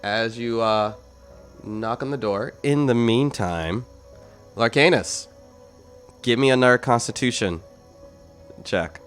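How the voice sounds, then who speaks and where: Slow-speaking man running a tabletop game. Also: mid-range voice, a bit bright, soft background music. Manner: unhurried narration with pauses and fillers. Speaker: game master.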